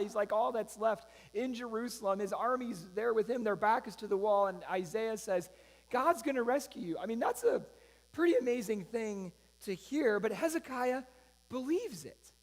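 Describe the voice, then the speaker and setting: A man preaching a sermon, retelling a scripture story in a loose, conversational way with frequent asides. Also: high voice. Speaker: pastor. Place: church sanctuary. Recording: long reverb of a church hall.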